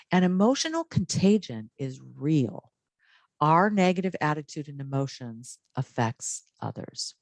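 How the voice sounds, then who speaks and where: A woman presenting a wellness training talk to healthcare workers in a calm, measured, encouraging way. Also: deep voice, no room sound.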